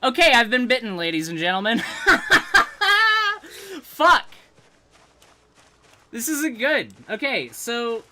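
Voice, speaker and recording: A man streaming his gameplay live, excitable and foul-mouthed, shouting and laughing at the game while talking straight to his viewers. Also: very high-pitched, a little slow, pauses often, very noisy.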